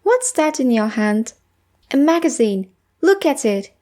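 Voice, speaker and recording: A woman's voice: high voice, very animated, a little slow, warm tone. A woman voicing a sick young boy who sounds plaintive and a bit whiny.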